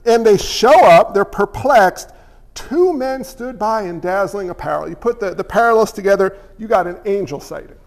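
A man preaching a sermon as pastor, animated and acting out little voices along the way. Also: sits high, normal speed, in a large hall.

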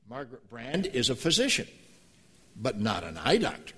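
A pastor preaching a sermon, moving from quiet storytelling to emphatic, passionate preaching. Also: male voice, mid-range voice, wildly swooping pitch, moderate pace, slightly rough.

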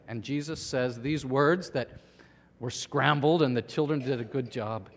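A male pastor delivering a sermon with animated storytelling, speaking to the children and the congregation. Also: mid-range voice, unhurried, in a large hall.

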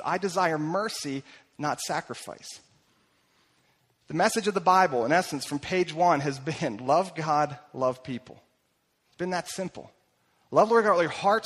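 Animated preacher man in a reverberant hall. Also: high-pitched. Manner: animated, acts out quoted voices, swings between loud and hushed. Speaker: pastor. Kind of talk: sermon.

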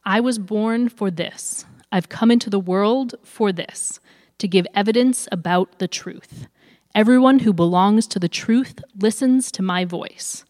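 Calm male prisoner read by a woman, measured and steady, with long room reverb. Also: medium pitch, lightly acted.

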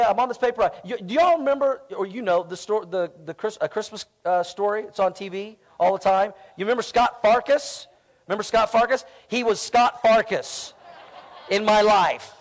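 A pastor with a notably high voice for a man. He preaches in a loose, conversational way, telling a personal story and then building to emphatic, declarative lines.

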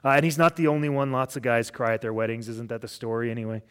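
A man's voice: mid-range voice, flat delivery, quick pace, a bit bright, clean tone. Middle-aged man preaching a casual sermon. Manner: casual storytelling with frequent restarts. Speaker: pastor. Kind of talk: conversational sermon.

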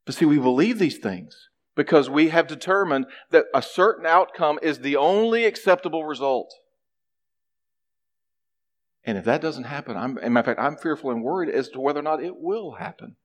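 A man preaching a sermon, animated, acting out a character's complaints in a raised voice. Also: fairly high pitch, brisk, hardly any pauses. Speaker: pastor.

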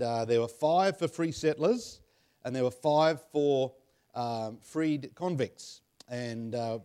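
A man's voice: mid-range voice, dark tone. Australian man chatting with many fillers. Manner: rambling, chuckling, many fillers. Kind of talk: casual chat.

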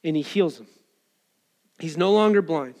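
A man's voice: a little high, animated, normal speed, darkish tone. A pastor preaching a conversational sermon to his church, acting out voices from the story. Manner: conversational preaching, acts out crowd and beggar voices.

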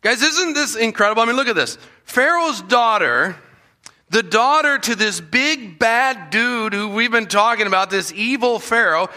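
A man preaching a Bible story to children, animated and acting out the voices of the people in it. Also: extremely high pitch, normal speed. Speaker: children's pastor. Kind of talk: storytelling sermon.

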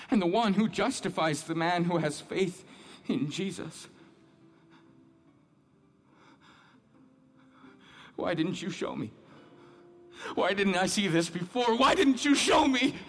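An actor playing a devout, troubled man who reads scripture aloud and keeps questioning his own guilt and faith. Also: high-pitched. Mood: yearning. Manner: questioning, searching, self-doubting. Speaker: man reading scripture alone. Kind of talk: dramatic monologue.

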